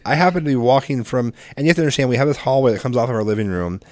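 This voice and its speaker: Man, casual podcast talk, profane, animated, sudden loud outbursts, dry close sound. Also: mid-range voice, racing, dry recording. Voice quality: loud bursts when quoting himself. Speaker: podcast co-host, parent. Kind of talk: casual chat.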